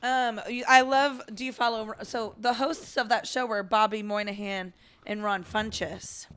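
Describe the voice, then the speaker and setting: A woman's voice: fairly high pitch, unhurried, clean tone. A woman co-hosting a podcast, telling a story in casual chat and acting out what people said. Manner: animated storyteller, acts out quotes. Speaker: podcast co-host.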